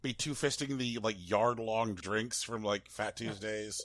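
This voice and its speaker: A man's voice: on the low side, a little slow, fairly bright tone, no echo. A man co-hosting a podcast in casual chat, rambling and laid-back, swearing freely. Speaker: podcast co-host.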